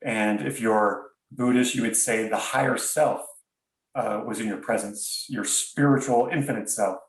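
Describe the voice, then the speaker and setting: A man's voice: on the low side, a little slow. A man, a podcast guest, tells a personal story in an earnest, reflective way, often stopping and restarting his sentences. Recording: roomy sound, distant from mic.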